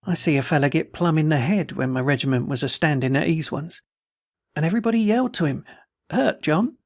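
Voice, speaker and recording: Man putting on a wounded tattered soldier, twang, slurred and pleading, higher voice, gravelly. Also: expressive, fairly quick, dry recording, clean studio sound. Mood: worried. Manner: folksy, pleading, words slurred.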